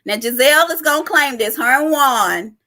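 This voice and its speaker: Woman co-host chatting about a reality show, bright voice, a bit high, says y'all a lot. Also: lively intonation, normal speed. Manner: chatty, addresses listeners as y'all. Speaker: podcast host. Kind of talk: casual chat.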